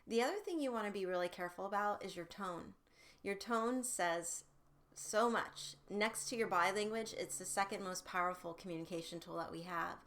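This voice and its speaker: A woman's voice: mid-range voice, moderate pace, a bit bright. Chatty woman giving parenting advice. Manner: chatty, upbeat, conversational with fillers. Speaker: sexual health educator. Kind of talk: direct-to-camera parenting advice.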